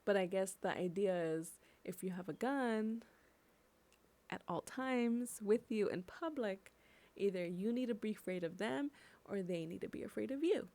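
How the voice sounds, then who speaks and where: A young woman from California speaks in an impassioned, personal vlog. Her voice carries a gravelly fry in an otherwise mid-range pitch. She swears freely and drags out words for emphasis. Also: moderate pace, darkish tone. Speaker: vlogger.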